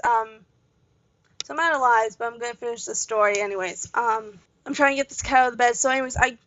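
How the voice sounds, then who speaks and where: Young woman, gravelly voice, slightly high, rambling and chatty, dull lo-fi sound. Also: bright, forceful tone, no echo. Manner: rambling, full of fillers and asides. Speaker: gaming channel host. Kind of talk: casual storytelling while playing a game. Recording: dull lo-fi home mic.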